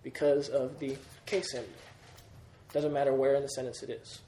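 A man's voice: mid-range voice, steady tone, normal speed, warm tone, slight background noise. Man teaching grammar in an echoey classroom. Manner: patient, repeats key points and checks understanding. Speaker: Greek teacher. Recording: roomy classroom sound.

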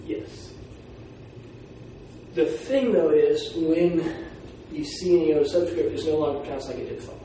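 A man teaching a Greek class, explaining pronunciation and sounding out words slowly. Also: a little high, steady tone, dark tone. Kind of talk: classroom lecture. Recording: echoey room from far off, faint noise.

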